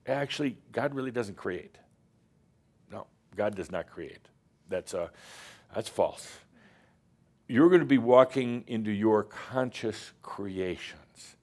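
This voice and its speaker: A man giving a channeled spiritual address to a live group, emphatic and playful, with rhetorical questions and halting restarts. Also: lowish voice, darkish tone. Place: gathering room with online audience.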